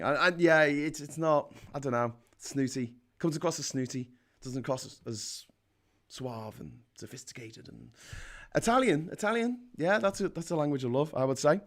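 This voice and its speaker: A man's voice: mid-range voice, expressive, moderate pace. A man in his forties hosting a casual history live stream and reading out the chat. He talks in a chatty, jokey way and often restarts his sentences. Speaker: history show host.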